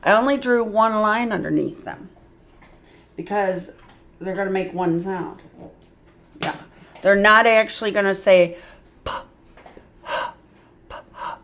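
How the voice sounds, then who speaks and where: A woman's voice: medium pitch, measured pace, long pauses, fairly bright tone, slight background noise. A woman tutoring phonics, patiently sounding out letters and words, with chatty asides of "yep" and "mm-hmm". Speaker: reading tutor. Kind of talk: phonics lesson.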